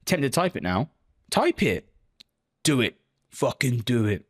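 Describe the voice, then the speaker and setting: A man live-streaming, chatting casually with viewers and answering their messages with lots of swearing and joking banter. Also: mid-range voice.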